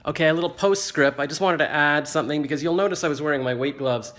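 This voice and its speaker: A man's voice: fairly high pitch, fast. A man, telling a rambling, self-mocking story into a phone he holds close to his face at home. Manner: rambling, self-mocking, gets louder and livelier as the story builds. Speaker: vlogger. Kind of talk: casual storytelling. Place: indoors at home, just back from the gym. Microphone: phone held in hand, close to face.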